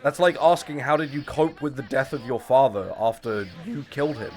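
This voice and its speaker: A young man rambles through a casual gaming stream, swinging between dry asides and self-mocking jokes for his chat. His voice sits at an ordinary middle pitch. Faint music plays under him. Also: brisk, few pauses, darkish tone. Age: 20s.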